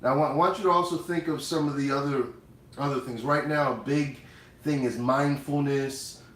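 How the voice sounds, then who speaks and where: A man's voice: mid-range voice, steady tone, moderate pace, a bit bright, slight background noise. Man talking to viewers in an echoey room. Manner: conversational, addresses viewers directly. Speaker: cooking show host. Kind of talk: casual livestream talk.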